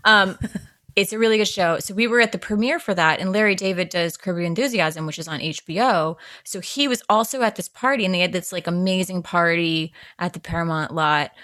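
A woman's voice: fairly low pitch, fairly quick, no echo. Chatty woman podcast host, dry close mic. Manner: chatty, animated storytelling with acted-out quotes. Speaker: podcast host, makeup artist. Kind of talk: casual podcast chat. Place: Los Angeles.

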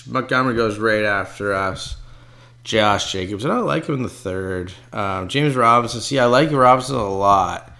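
Gravelly man running excitable draft commentary. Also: lowish voice, normal speed. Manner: excitable, talks to viewers as folks, swears under pressure. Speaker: fantasy football drafter. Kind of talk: casual live draft commentary.

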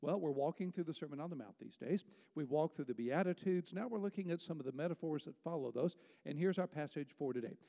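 A man's voice: a little high, lively intonation, fast talker, vocal fry, hardly any pauses, dark tone. Emphatic preacher man in a reverberant hall. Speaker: pastor. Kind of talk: sermon.

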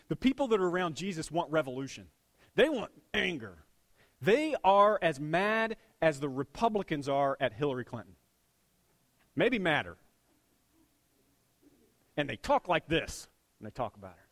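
A pastor with a somewhat higher male voice delivers a sermon in a loose, conversational way. He jokes with the congregation, then lands key words in a soft, hushed tone before pushing his volume back up. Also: sing-song, normal speed, pauses often. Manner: swings between punchy loud lines and hushed intimate ones.

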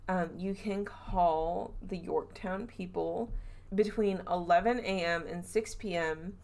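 A woman with a Southern US accent hosting a podcast, telling a spooky story in a chatty, animated way and acting out quotes. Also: fairly low pitch, slow, vocal fry. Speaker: podcast host. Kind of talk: casual storytelling chat.

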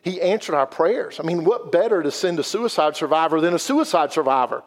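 A man's voice: fairly high pitch, lively intonation, a little fast. A man, giving an earnest, folksy personal testimony as a guest speaker in a church. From South Carolina. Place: church sanctuary. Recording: long hall reverb.

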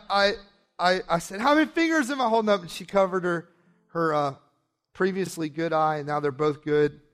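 High voiced guy preaching, telling his own story, super passionate, gets quiet then yells. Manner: passionate, swings from hushed to shouting. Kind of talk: sermon with personal testimony.

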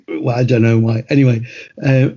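A middle-aged man spins loose, rambling anecdotes in casual conversation. His voice is mellow and gravelly with a husky edge. The audio is muffled and lo-fi. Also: medium pitch, fairly even intonation, a little slow. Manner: rambling anecdotal storyteller, laughs mid-sentence. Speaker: guest author.

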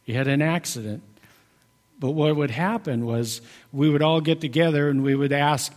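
A man's voice: a little high, normal speed, long reverb tail. A middle-aged man giving a folksy, conversational sermon. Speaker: preacher.

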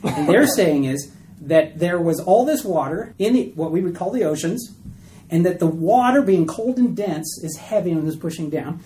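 A man's voice: high-pitched, expressive, moderate pace, warm tone, poor audio. Man teaching a chatty Bible class. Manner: chatty, checks in with "okay?" and "right?" often. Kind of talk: casual Bible class lecture.

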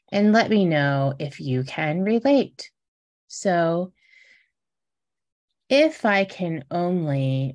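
A woman in her forties talks to her listeners as a podcast host, with a low voice. She takes her time, circling back and restarting phrases as she shares personal reflections in an earnest, conversational way. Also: a little mellow. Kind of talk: reflective casual podcast monologue.

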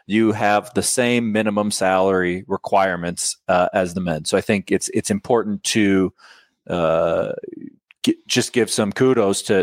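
A man in a casual interview, stating facts in a measured way. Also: fairly low pitch, no echo. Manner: measured, factual.

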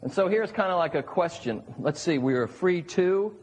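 A man's voice: high-pitched, lively intonation, moderate pace, darkish tone, breathy edge. A male pastor giving a sermon at a church service in a conversational way, asking his listeners questions. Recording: long reverb of a large hall.

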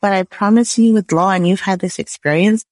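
A woman's voice: mid-range voice, a little fast, darkish tone, dry recording. A woman who is a business lawyer, explaining legal ideas on a podcast with everyday analogies and frequent "right?" checks. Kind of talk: podcast interview.

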